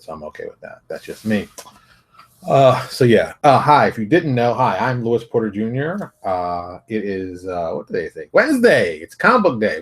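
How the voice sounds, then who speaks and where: A man hosting his own solo show, talking in a brash, joking and self-mocking way. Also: on the low side. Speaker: show host. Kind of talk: solo livestream talk.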